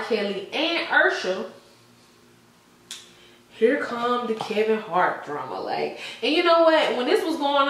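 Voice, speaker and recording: A woman's voice: mid-range voice, a bit bright, recorded from a distance. Chatty woman in a very echoey room. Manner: chatty, laughs often, trails off with "I don't know". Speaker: vlogger. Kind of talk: casual gossip chat.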